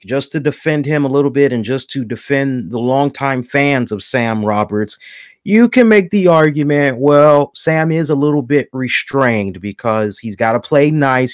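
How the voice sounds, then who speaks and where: A man's voice: medium pitch, no echo, clean studio sound. A man hosting a wrestling review show, talking casually and animatedly, acting out his own reactions and often restarting his words. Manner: frequent restarts and repeated words. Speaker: wrestling podcast host.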